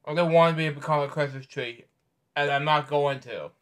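A man voicing a grumpy, stubborn little tree in a storybook reading, muttering low. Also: normal speed, a bit bright, natural voice. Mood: grumbling.

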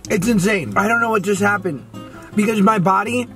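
A man's voice: sits high, fairly quick, over music. A man chatting playfully as a guest while eating on a food vlog, cracking jokes. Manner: playful, joking banter. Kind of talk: casual mukbang chat.

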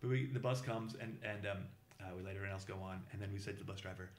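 A man's voice: fairly low pitch, fairly even intonation, very fast, a little hiss or hum. Rambling man from in an echoey room. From Boston, USA. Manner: rambling, many fillers and restarts, mimics people he quotes. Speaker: podcast guest telling a travel story. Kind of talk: casual storytelling chat.

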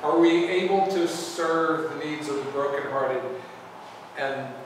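A priest with a fairly high voice speaks earnestly and reflectively to a church assembly. He asks one searching question after another. He is recorded from far off in a big, echoing hall. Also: a little slow. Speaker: priest giving a presentation. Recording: echoey hall from far off with room noise.

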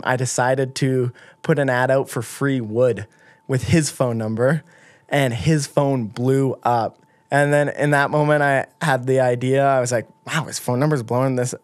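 A man in his twenties, a guest on a podcast, telling stories in a lively, casual way, full of filler words. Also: medium pitch, dry recording. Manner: animated, lots of filler words, acts out quotes. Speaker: guest snowboarder. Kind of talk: casual storytelling. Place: podcast studio.

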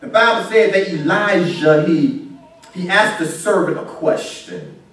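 A man's voice: high-pitched, lively intonation, a little slow, fairly bright tone. A man preaching a sermon in a church, emphatic and building to crying out as the congregation answers. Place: church sanctuary. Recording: very echoey church from a distance.

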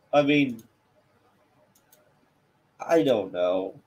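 A man hosts a casual live stream for a car channel, rambling through hesitant, self-deprecating chat. His mid-pitched voice swings up and down a lot. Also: a little mellow.

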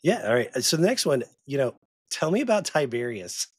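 A man's voice: mid-range voice, sing-song, husky, no echo. A man in his forties hosting a podcast from a small sound closet at home, chatting casually and praising his guest with enthusiasm. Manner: enthusiastic, quick to praise and laugh. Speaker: podcast host. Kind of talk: casual interview chat.

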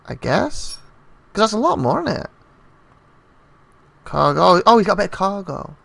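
A man's voice: sits high, very animated, normal speed, vocal fry, pushed and bright, no echo. A man hosting a let's play, giving casual gameplay commentary and thinking aloud as he asks viewers questions. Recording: noisy home recording.

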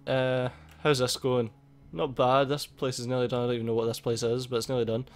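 A man giving casual, excitable gameplay commentary, swearing a lot and laughing at the game. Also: medium pitch, fairly quick. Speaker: gaming YouTuber. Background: faint game music.

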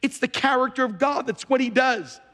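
A man's voice: extremely high pitch, normal speed, a bit bright. A man preaching a sermon as pastor in a large church, emphatic and often repeating words as he starts sentences. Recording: long reverb of a large hall.

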